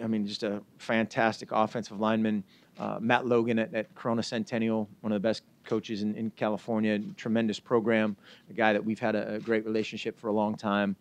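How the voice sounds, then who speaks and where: Lower-voiced male coach, upbeat and informal. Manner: upbeat, informal, heaps praise on recruits. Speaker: head football coach. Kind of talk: press conference remarks.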